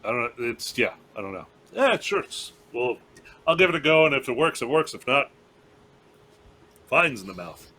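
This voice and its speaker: A man with a bright, forward voice plays his character in an online tabletop game. He jokes with the table and questions a corpse. Faint room sound sits behind him. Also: mid-range voice, sing-song, moderate pace, long pauses, a little hiss or hum. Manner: joking, speaks to the dead in character. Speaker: player. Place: online voice call.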